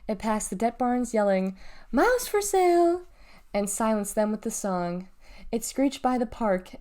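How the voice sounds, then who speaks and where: A woman reading a children's novel aloud in a lively, expressive storytelling manner. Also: medium pitch. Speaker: reader.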